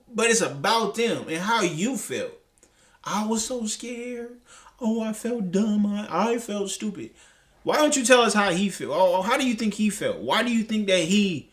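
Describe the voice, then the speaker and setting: A man's voice: high voice, fairly bright tone. A man reacting to a clip, talking in a heated, profane, rambling way with many restarts. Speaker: commentary host. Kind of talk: reaction commentary.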